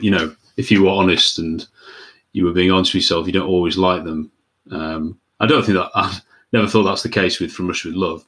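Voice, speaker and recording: A man's voice: deep voice, fairly bright tone, breathy edge. A man co-hosting a film podcast, chatting casually and self-deprecatingly and laughing often. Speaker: podcast co-host.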